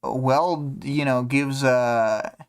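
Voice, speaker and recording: A man's voice: mid-range voice, steady tone, very slow, clear, resonant tone. A man hosting a casual book discussion stream, rambling with many fillers and humming to himself between thoughts. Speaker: podcast host.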